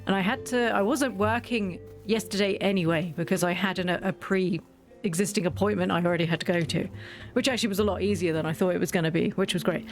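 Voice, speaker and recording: A woman's voice: lowish voice, fairly quick. A woman streaming a farming game while sick and sore-voiced, chatting casually and self-deprecatingly, laughing and greeting viewers by name. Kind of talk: casual live-stream chat while playing. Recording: faint background game music.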